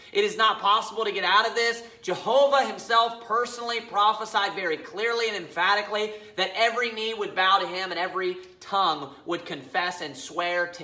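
Pastor guy preaching hard, high bright voice, echoey church room. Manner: emphatic preaching, slows down to read scripture aloud. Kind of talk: sermon. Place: church sanctuary.

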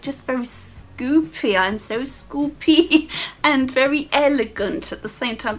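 Young woman, gaming commentary, giggly and foul-mouthed, high voice with a bouncy, lively pitch. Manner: giggly, sweary, gushing. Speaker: gamer. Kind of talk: casual gameplay commentary.

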